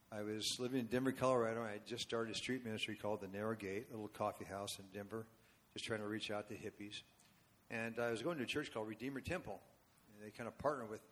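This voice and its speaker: A man in his seventies, a worship leader speaking to a church congregation, telling a long story with casual asides. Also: fairly low pitch. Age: 70s. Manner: rambling and conversational, asides to the congregation. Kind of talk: storytelling sermon.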